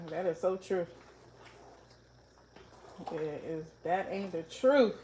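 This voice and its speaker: A woman's voice: on the low side, takes it slowly, pauses often, warm tone. Woman cooking live in her kitchen, chatty, talks right to the viewers, bit of faint noise behind. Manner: chatty, talks straight to viewers, reads out comments. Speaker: cooking livestream host. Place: home kitchen.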